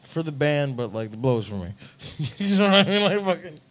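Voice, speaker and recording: A man's voice: fairly high pitch, sing-song, normal speed. Profane rambling young man telling a story. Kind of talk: casual podcast storytelling.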